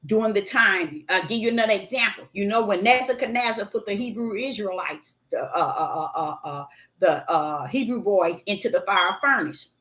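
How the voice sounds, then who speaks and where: A woman's voice: medium pitch, animated, moderate pace, a bit bright. A woman preaching a sermon, repeating herself and stumbling on fillers as she makes her points. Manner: repetitive, emphatic, many fillers and restarts. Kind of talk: sermon teaching.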